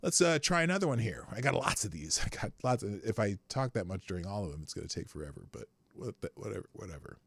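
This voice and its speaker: A man hosting a live show, rambling through casual commentary with frequent swearing and sudden jumps in pitch. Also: very animated, quick pace, gravelly, few pauses, fairly bright tone, husky, no room sound.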